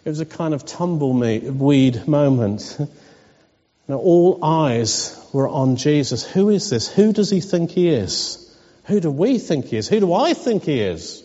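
A man's voice: fairly high pitch, very animated, unhurried, warm tone. A man giving a sermon in a wry, conversational storytelling manner. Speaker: preacher. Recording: dull recording in a reverberant hall.

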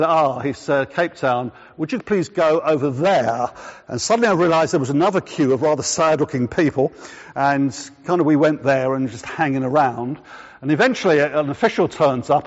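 A man preaching, telling a chatty anecdote and then slowing down to press home his points. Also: on the high side. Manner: chatty storytelling, slowing to deliberate emphasis. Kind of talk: sermon with a personal anecdote. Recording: echoey hall, dull lo-fi sound.

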